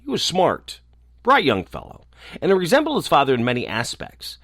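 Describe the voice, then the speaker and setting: A man reading a children's story aloud, expressive and animated. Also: a little high, a little fast, dry recording, studio quality.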